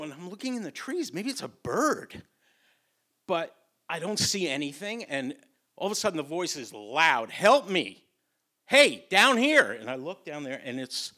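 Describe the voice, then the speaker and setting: A man doing stand-up, telling stories with blunt, crude punchlines and halting restarts, on stage before a live audience. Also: on the high side, animated, a bit bright. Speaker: stand-up comedian. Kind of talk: stand-up storytelling.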